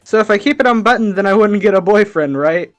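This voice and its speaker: A woman's voice: medium pitch, lively intonation, quick pace, dry recording, lightly acted. A woman voicing a bubbly, cheerful teenage schoolgirl in a playful amateur game dub. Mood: teasing. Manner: playful, giggly line reading. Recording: background game music.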